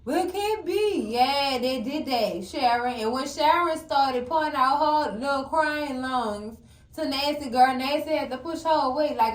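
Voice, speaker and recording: A woman hosting a casual TV recap, animated and exclamatory, talking straight to her viewers. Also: high-pitched, a little slow, roomy sound. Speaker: TV recap host.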